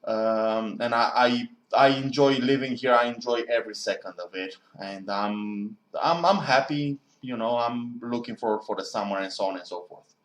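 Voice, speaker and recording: A man's voice: medium pitch, normal speed. A man talking in a casual, rambling monologue as a student, musing and often correcting himself. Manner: musing, digressive, self-correcting. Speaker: student vlogger. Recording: echoey room.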